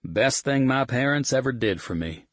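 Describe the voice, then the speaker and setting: A man's voice: medium pitch, animated, moderate pace, no room sound, studio quality, pitched above the performer's own voice, lightly acted. A man voicing a goofy young male bandmate with a Texan accent, drawling and playfully crude, in an audiobook. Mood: cheerful. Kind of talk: audiobook character voice.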